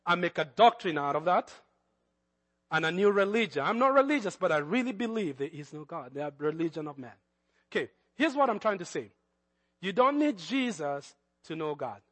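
A man's voice: high voice, sing-song, moderate pace, a bit bright, long reverb tail. A man with a Kenyan accent preaching a sermon as pastor, with hesitant fillers that build to fervent emphasis.

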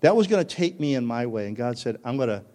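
Pastor, male, middle pitch, lively storytelling sermon; long hall reverb. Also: fast. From Italian-American family. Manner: storytelling, animated, acts out voices.

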